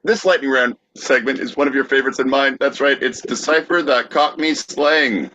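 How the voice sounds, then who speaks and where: A man co-hosting a podcast, playful and hesitant, filling pauses with many uhs. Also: medium pitch, bright, forceful tone, a little hiss or hum. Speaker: podcast co-host. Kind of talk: casual comedic chat. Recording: dull lo-fi audio.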